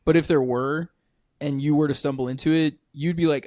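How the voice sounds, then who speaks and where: A man's voice: fairly high pitch, fairly even intonation, brisk, darkish tone, no room sound, clean studio sound. Slangy, swearing man in casual chat. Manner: loose, swearing, slangy storyteller. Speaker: podcast host.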